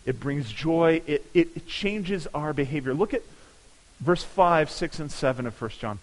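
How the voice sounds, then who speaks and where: A pastor from California preaches a sermon, telling a story with animation and building to emphatic peaks. His fairly high voice has lively intonation and a measured pace, and the recording carries a long hall reverb.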